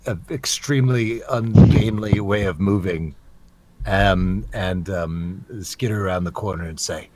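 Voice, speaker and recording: A man's voice: low voice, a little slow, darkish tone. A man player in a tabletop game, describing his character's moves hesitantly. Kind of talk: casual tabletop play.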